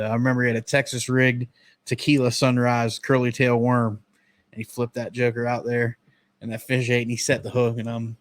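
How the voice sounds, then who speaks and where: A man in his thirties from the northern United States, telling relaxed childhood stories in a casual podcast talk. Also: mid-range voice, no room sound. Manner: relaxed storytelling, drawn-out memories. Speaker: podcast host.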